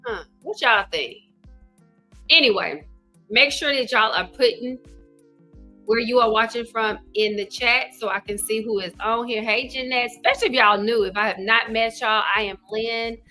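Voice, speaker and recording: A middle-aged woman from Arkansas with a Southern accent, a love coach hosting a casual, energetic livestream and greeting viewers by name. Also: on the high side, moderate pace, faint music behind. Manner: chatty, energetic, greets viewers by name, says "y'all" and "child".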